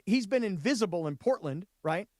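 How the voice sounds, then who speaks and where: A man hosting a sports radio show, telling stories in a chatty, animated way in a studio. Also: high voice, a little fast, no room sound. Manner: chatty storyteller, animated retelling. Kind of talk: casual sports radio banter.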